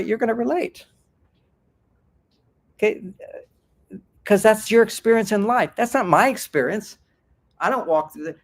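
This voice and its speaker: A workshop speaker gives a seminar to a live audience, animated and acting out example dialogues. His voice sits high.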